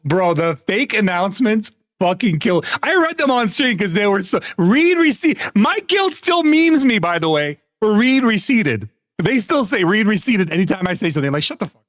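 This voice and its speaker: A man's voice: high-pitched, moderate pace, no room sound, clean studio sound. A man on a live stream telling gaming stories in casual chat, swearing often and laughing between lines. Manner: animated storytelling, swearing, frequent laughter.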